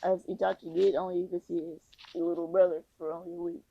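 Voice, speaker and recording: A woman's voice: lowish voice, level tone, fast, creaky, muffled recording. A woman casually improvising a fan story, rambling with lots of fillers and restarts.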